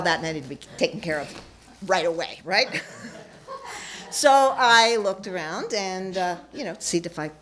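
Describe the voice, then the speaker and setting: A woman telling a personal story onstage before a live audience, playful and self-mocking. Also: medium pitch.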